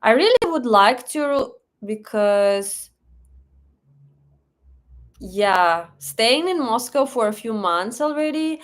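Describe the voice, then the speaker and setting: This young Russian woman speaks with a Russian accent, her voice sitting on the high side, expressive and slow with frequent pauses. She hosts a casual live stream from her home in Moscow, chatting and reading comments aloud. She laughs often and thinks out loud, filling gaps with fillers.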